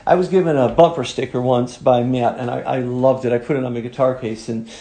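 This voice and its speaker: A man's voice: medium pitch, steady tone, brisk, warm tone, roomy sound. A man preaching a sermon as pastor, emphatic and growing fervent as he drives his points home.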